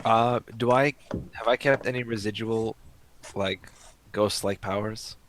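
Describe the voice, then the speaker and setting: A man's voice: lowish voice, fairly even intonation, unhurried, a bit bright, slight background noise. A man playing in a tabletop game, joking and teasing the others in casual talk. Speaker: player.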